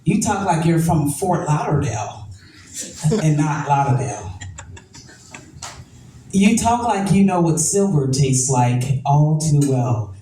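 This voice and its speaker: A woman with a low, warm voice performs spoken word poetry at a roomy event venue, her delivery rhythmic and emphatic with repeated refrains. She's recorded from a distance, so the room echoes and there's faint background noise.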